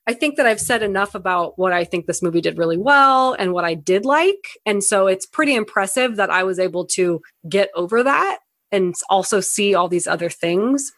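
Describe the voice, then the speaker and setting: A woman's voice: mid-range voice, normal speed, dry recording. Blunt, swearing young woman reviewing a movie. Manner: blunt, profane, animated ranting. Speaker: podcast co-host. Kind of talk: casual movie review chat.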